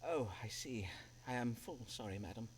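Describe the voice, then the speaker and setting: An actor playing a pompous Elizabethan doctor and astrologer who speaks in archaic, courtly English. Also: male voice, mid-range voice, expressive, normal speed, natural voice. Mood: courteous.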